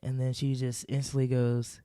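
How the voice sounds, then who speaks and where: A woman's voice: rumbling low, completely flat delivery, moderate pace, dark tone, smooth, no echo, clean studio sound. A woman vlogger telling a casual comic story to camera, rambling, swearing casually and laughing often.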